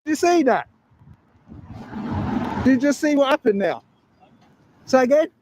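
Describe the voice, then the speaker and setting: A combative man with a fairly high voice, filming outdoors on a street. He turns questions back on people with sarcasm and waves them off dismissively. The sound comes from a handheld camera mic. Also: sing-song, measured pace, noisy background. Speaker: auditor filming a police building.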